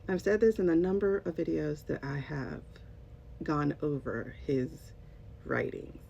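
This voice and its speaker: Animated but unhurried, a woman with a creaky, dark voice comments for her viewers in a casual vlog. She used to teach English and is sarcastic and emphatic, speaking to them directly over a dull, rumbly lo-fi recording.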